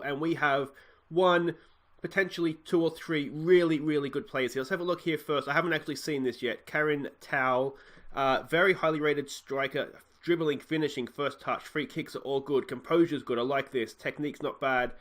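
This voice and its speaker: Chatty self-mocking Australian gaming host. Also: male voice, medium pitch, brisk, fairly bright tone. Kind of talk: let's play commentary.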